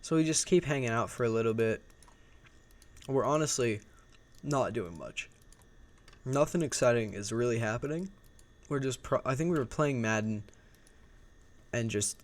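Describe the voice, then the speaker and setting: A man's voice: mid-range voice, animated, moderate pace, long pauses. A young man telling a personal story in a loose, profane, rambling storytime vlog.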